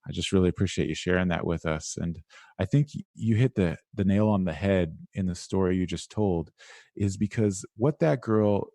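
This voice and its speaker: A man as an interview guest talking about teenagers, animated and conversational, peppered with "like" and "right?". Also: low voice, normal speed, no room sound, studio quality. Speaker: guest, education speaker. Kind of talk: interview answers.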